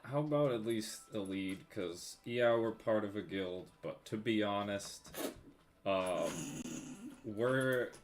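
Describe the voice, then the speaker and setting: Guy player talking in character, lowish voice, kinda halting with lots of um. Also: background noise. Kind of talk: in-character tabletop talk.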